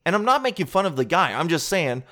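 A man doing an observational stand-up routine, rambling and conversational, interrupting himself and climbing higher in pitch as he riffs. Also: very animated, fast, bright, forceful tone. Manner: rambling, conversational, self-interrupting, rises in pitch when riffing. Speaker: stand-up comedian.

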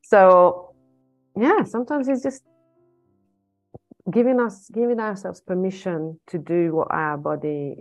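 A woman co-hosting a casual podcast, warm and encouraging, chatting in an animated way. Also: mid-range voice, a little slow, pauses often, faint music behind. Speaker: podcast co-host.

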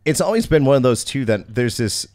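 A young man hosts a podcast, spinning a rambling story in a casual, profane way. He jumps into other people's voices as he quotes them, keeping the telling lively. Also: mid-range voice, fairly quick. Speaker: podcast host.

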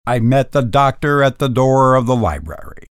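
A man narrating a first-person ghost story in a dramatic, expressive reading. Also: medium pitch, normal speed, no echo, clean studio sound.

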